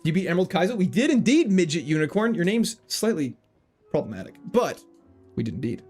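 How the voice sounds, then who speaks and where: A man streaming a video game, chatting casually with his viewers, joking around and reading their messages out loud. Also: high-pitched, quick pace, breathy edge, faint music behind. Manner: jokey, animated, reads chat aloud. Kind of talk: casual livestream commentary.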